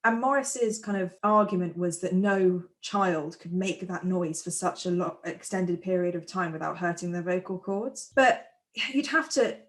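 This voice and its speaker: Chatty woman, low-pitched. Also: moderate pace. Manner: chatty, retells scenes with little quoted voices. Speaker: podcast co-host. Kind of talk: casual chat.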